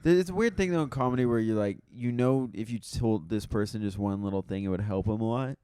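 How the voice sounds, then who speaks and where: Young man, low pitch, laid-back blunt podcast banter, smooth voice, dry sound. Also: quick pace, mellow, no room sound. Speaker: podcast co-host. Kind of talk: casual chat.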